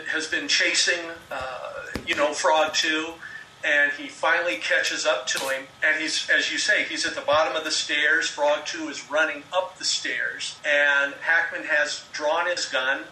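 A man with a very bright, sharp-edged voice, talking a little high for a man. He is recorded from some distance in an echoey room with faint background noise. He spins film anecdotes in a steady conversational flow. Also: unhurried. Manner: storytelling, retells anecdotes with quoted dialogue.

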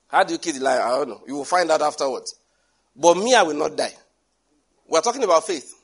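A male preacher delivers a lively sermon, acting out characters and switching voices as he tells the story. His voice sits a little high for a man and has a husky edge. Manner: animated, acts out dialogue with shifting voices and laughs.

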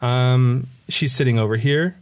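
Man walking a listener through a storybook; relaxed, easy laughs, slow guided breathing cues. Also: mid-range voice. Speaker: children's book presenter. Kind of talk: reading a picture book aloud in a conversation.

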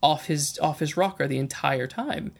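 A man in casual chat reviewing a film, animated and often acting out quotes. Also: on the high side, normal speed, creaky, a little hiss or hum.

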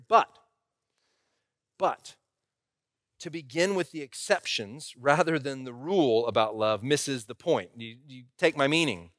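A male pastor preaching a sermon, emphatic and repetitive, swinging between loud urgency and hushed quiet. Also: fairly high pitch, dry recording, clean studio sound.

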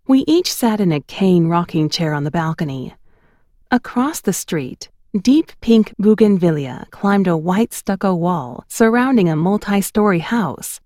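Woman reading her memoir aloud, low mellow voice that swings up and down a lot, super dry close mic. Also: unhurried, no room sound. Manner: expressive, storytelling cadence. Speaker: narrator. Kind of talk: scripted memoir narration.

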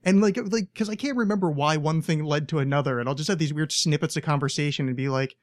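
A man's voice: fairly high pitch, quick pace, no echo, studio quality. A man hosting a podcast, chatting casually in a rambling, profane, self-mocking way. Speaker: podcast host. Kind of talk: casual chat.

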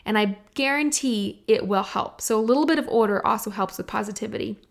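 A woman's voice: medium pitch, brisk, vocal fry. A young adult woman, hosting a solo podcast in a chatty, earnest way that speaks directly to listeners. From Texas. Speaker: podcast host. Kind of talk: casual solo podcast talk.

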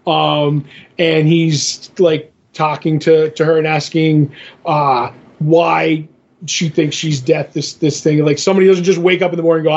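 A man's voice: a little high, a little mellow, lo-fi sound. A man co-hosting a podcast, casually retelling a comic issue in a rambling way full of fillers and restarts. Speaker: podcast co-host. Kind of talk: casual comic book recap.

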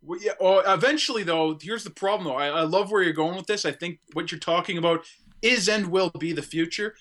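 A man hosting a podcast, talking crudely and excitably in casual chat, slipping into silly voices. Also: high-pitched, a little fast. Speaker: podcast host.

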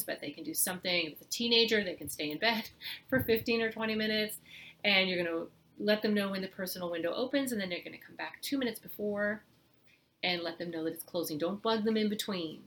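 A woman's voice: medium pitch, a little hiss or hum. A middle-aged woman hosting a parenting podcast, giving casual, earnest advice and acting out what parents might say. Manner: earnest, animated when acting out parents' words.

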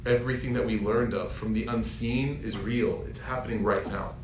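A man's voice: medium pitch, steady tone, moderate pace, background noise. A man in his thirties giving a heartfelt sermon as an Islamic preacher, telling stories and building to emphatic peaks. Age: 30s. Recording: roomy echo.

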